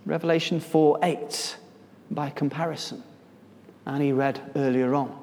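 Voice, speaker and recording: Male preacher, unhurried delivery, swings from hush to loud emphasis, recorded in a hall with long reverb. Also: fairly high pitch, fairly even intonation. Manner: dramatic shifts between soft and loud delivery. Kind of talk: sermon.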